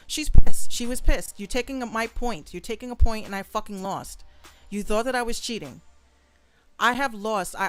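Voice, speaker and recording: A young adult woman hosting a casual solo podcast from her bedroom, talking bluntly with plenty of swearing. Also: mid-range voice. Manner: blunt, profane and animated. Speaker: podcast host and rapper.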